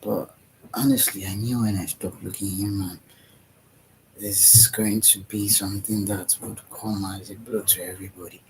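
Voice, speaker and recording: With a lowish voice, fairly even intonation and a moderate pace, a vlogger rambles through dreamy spiritual self-talk to camera. He repeats himself, yawns and sighs, and the low-quality recording has a little hiss or hum.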